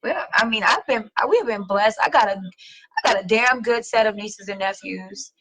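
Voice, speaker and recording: A middle-aged woman hosting a casual chat, reading viewer comments, slangy and animated, swearing casually and laughing often. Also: medium pitch, normal speed, rough recording. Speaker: host.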